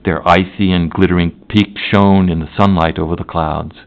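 A man narrating a classic novel as an audiobook, in a measured, formal, unhurried manner. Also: low-pitched, fairly even intonation, gravelly, phone-quality sound.

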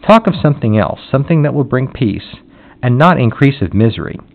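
A man reading the lines of a condemned young servant woman, gentle and resigned. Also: medium pitch, lively intonation, fairly quick, gravelly. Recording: dull lo-fi audio.

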